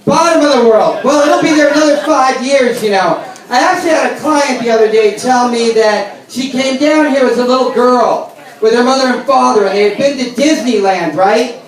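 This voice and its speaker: A man from the Bronx, doing a loud, brash stand-up set on a handheld microphone at a brewery. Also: extremely high pitch, moderate pace. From the Bronx, New York. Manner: loud, brash, animated storytelling to a crowd. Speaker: stand-up comedian. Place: brewery stage with a live audience. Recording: echoey room recorded from far off.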